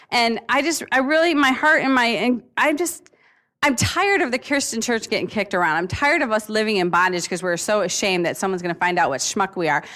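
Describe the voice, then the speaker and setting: A woman's voice: fairly high pitch, fairly bright tone. Earnest chatty woman youth minister. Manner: casual, earnest, chatty with fillers and laughs. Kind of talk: conference talk.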